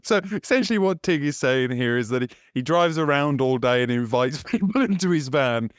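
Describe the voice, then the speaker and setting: Giggly man, smooth dry voice. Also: medium pitch, lively intonation, a little fast, no echo. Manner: laughs often, jokey, rambling restarts. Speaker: podcast co-host. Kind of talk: casual banter podcast.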